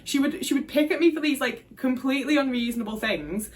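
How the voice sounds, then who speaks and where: Young woman vlogging, swears a lot, kinda high voice, lots of likes and restarts. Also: fairly quick. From Britain. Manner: frank, frequent swearing, emphatic; many fillers and restarts. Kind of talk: casual storytelling to camera.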